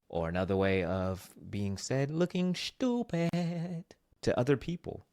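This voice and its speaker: A man presenting a scripted motivational vlog with self-help advice, animated and self-mocking, with playful asides. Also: mid-range voice, dry recording, studio quality.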